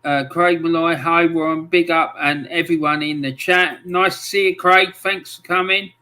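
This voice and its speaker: A man's voice: on the high side, steady tone, normal speed, sharp tone. A man hosting a casual livestream, chatting in a friendly way and greeting viewers with lots of ums. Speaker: livestream host. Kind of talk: casual livestream chat, reading out viewer comments.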